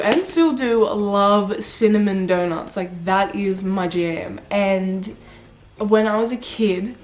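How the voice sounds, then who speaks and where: A young woman vlogging casually, telling stories in an animated, chatty way, full of "like" and swearing. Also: mid-range voice, slight background noise. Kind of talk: casual storytelling vlog.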